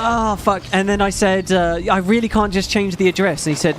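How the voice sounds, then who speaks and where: A man chatting casually over gameplay as a YouTube host, rambling and excitable, swearing freely. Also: high-pitched, brisk, hardly any pauses, slight background noise. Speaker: gaming YouTuber.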